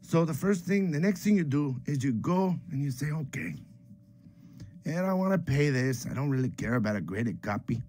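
A rambling, boastful streetwise homeboy, as a man puts him on, tossing Spanish slang into his English in a comedic character monologue. The voice sits a bit high, and the recording is close and dry with no room sound. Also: expressive, moderate pace, darkish tone, no echo. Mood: swaggering. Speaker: comic book collecting vlogger.

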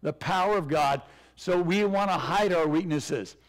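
A male pastor preaching a sermon with a hoarse, cracking voice, speaking earnestly with repetition. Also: fairly high pitch, a little slow. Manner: earnest, repetitive preaching with self-deprecating laughs.

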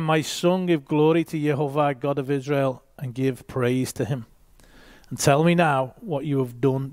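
A man's voice: medium pitch, a little mellow, no room sound. A man reading a Bible passage aloud and teaching, with short asides to his listeners.

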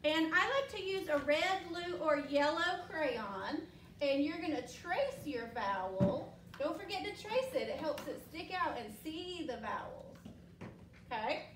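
A woman's voice: sits high, lively intonation, a little slow, background noise. Female classroom teacher, encouraging and patient, recorded far off in a roomy space. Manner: patient, encouraging, call-and-response questioning. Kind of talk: classroom phonics lesson.

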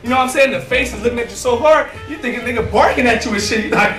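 A man's voice: very high-pitched, rapid-fire, a bit bright, echoey room, far from the mic, faint music behind. A man doing a crude, rambling stand-up comedy set in a small, nearly empty club, laughing at his own jokes.

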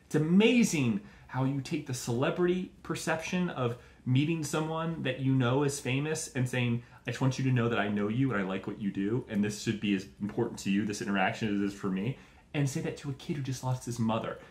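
A young man hosts a podcast, delivering a rambling, profane comic monologue that hops between tangents and acts out little scenes. His voice is medium-pitched, a little fast and slightly mellow, in a roomy-sounding space.

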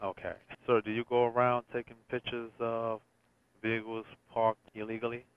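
A man's voice: medium pitch, monotone, normal speed, dry recording. A man working as a police detective, taking a complaint by phone, curt and impatient. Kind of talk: phone call. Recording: smooth dry phone line.

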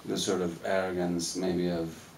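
Deep-voiced man rambling in an echoey hall. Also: measured pace, far from the mic, slight background noise. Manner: rambling, animated, laughs while telling. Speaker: actor on a film Q&A panel. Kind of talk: casual live Q&A storytelling. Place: cinema hall with audience. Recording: echoey hall, mic heard from afar.

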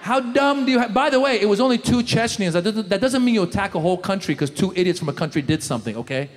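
A man doing a stand-up comedy set, animated, breaking into loud shouted character voices. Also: sits high, quick pace. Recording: reverberant hall, faint room noise.

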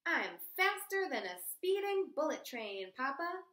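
A woman's voice: high-pitched, sing-song, unhurried, reverberant, full character voice. A woman voicing an eager, boastful young boy steam train in a children's storybook reading. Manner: bright, boyish, eager.

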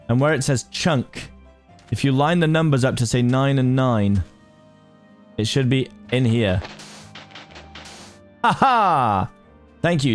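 A man giving excitable, chatty commentary while playing a Minecraft modpack, talking to himself and his viewers with sudden jumpy exclamations. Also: mid-range voice. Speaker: gaming YouTuber. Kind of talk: casual Minecraft let's play commentary.

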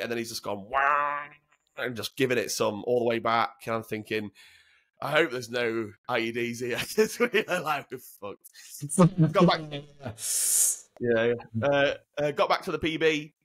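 The guest, a British ex-serviceman in his 30s, talks in a plain, slightly bright voice of medium pitch. His storytelling is casual and blunt, peppered with swearing and laughs.

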